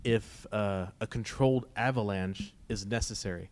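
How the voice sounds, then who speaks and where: A man's voice: on the low side, normal speed, a little mellow. Friendly rambling man on a church panel. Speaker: third grade teacher on a church panel. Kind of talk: casual panel chat.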